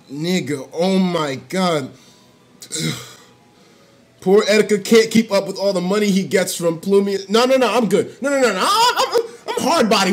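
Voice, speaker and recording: A man live-streaming and reacting to donations in a casual, profane, excitable way, often bursting into shouts, recorded at home on a desktop mic. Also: high voice. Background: faint music.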